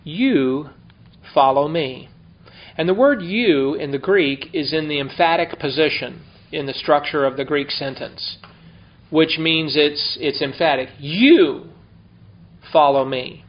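Male Bible teacher, slightly high voice, chatty verse-by-verse style, muffled lo-fi sound. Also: a little slow. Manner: conversational, explains and asks the class. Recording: dull lo-fi recording.

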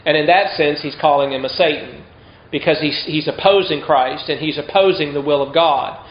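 A pastor with a slightly high voice preaches at a moderate pace, easy and conversational, tossing in rhetorical questions. The recording is roomy, echoey, dull, and somewhat lo-fi.

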